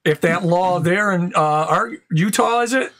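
Crude joker co-host, high voice, laughs at his own lines. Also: unhurried, crowd noise. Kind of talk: casual banter.

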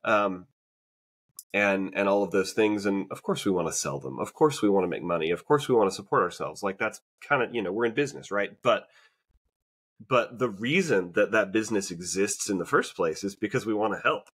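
A man's voice: fairly low pitch, expressive, a little fast, fairly bright tone, husky. A man co-hosting a podcast, talking in a casual, reflective way with many fillers and restarts. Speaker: podcast co-host. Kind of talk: casual conversation.

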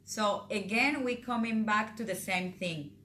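A woman from Colombia, a dentist co-hosting a live lesson, who jumps in quickly and reads viewers' questions aloud. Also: mid-range voice, pushed and bright, a little hiss or hum. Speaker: dentist and course co-host. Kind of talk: live teaching discussion. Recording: echoey room.

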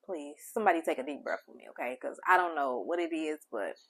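Low-voiced woman giving gentle affirmations. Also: expressive, quick pace, breathy edge. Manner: gentle, heartfelt, speaks directly to the listener. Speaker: spiritual channel host. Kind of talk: affirming spiritual message to the viewer.

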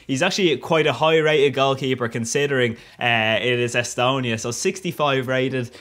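A man's voice: medium pitch, fairly even intonation, moderate pace, fairly bright tone. A man giving casual, cheeky commentary over a football video game, cracking crude jokes. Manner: cheeky, crude joking with frequent laughs. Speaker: gaming YouTuber.

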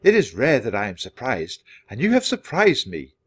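A wise old-world teacher who speaks in an easy, calm voice, as a man reads him in a storybook. The delivery stays composed while the pitch moves with some life. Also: normal speed, slightly rough.

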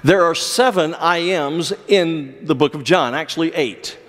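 A pastor preaching an earnest sermon, with measured delivery and dramatic pauses. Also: male voice, fairly high pitch, a bit bright. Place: church sanctuary. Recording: long church reverb.

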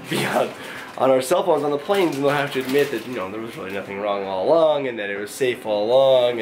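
A young man, a father, chatting casually to the camera in his family's kitchen for a home vlog, rambling through his thoughts in a talkative way. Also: medium pitch. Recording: home video with background noise.

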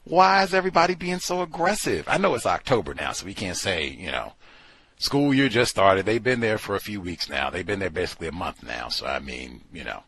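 A man's voice: deep voice, brisk, slight background noise. A man hosting a talk show, giving casual, sardonic commentary full of asides. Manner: animated, sardonic, conversational with fillers. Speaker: radio show host.

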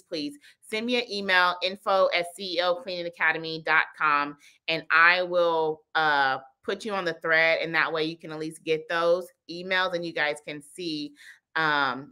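A woman business coach talking on a live stream, telling stories in an animated, chatty way. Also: sits low. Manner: animated, chatty, heavy use of "like".

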